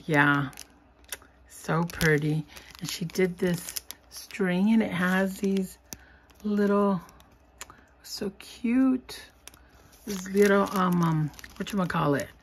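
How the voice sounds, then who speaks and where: A woman chatting casually as she opens craft mail, gushing and giggling, sometimes dropping to a soft whisper. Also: on the low side, slow, long pauses, a little hiss or hum. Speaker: craft vlogger opening happy mail. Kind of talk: casual unboxing chat.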